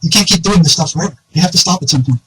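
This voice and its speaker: Fast-talking man telling a wild story. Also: fairly high pitch, breathy edge, low-quality recording. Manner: animated anecdote teller, quotes others, laughs often. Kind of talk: casual storytelling conversation.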